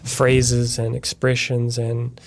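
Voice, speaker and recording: A man from New Zealand chatting casually as a podcast host, with a gravelly, creaky edge to his voice. He rambles, breaks off and restarts his sentences in a loose, conversational way. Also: mid-range voice, completely flat delivery, takes it slowly. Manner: rambling, self-interrupting, chatty. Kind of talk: casual bilingual chat.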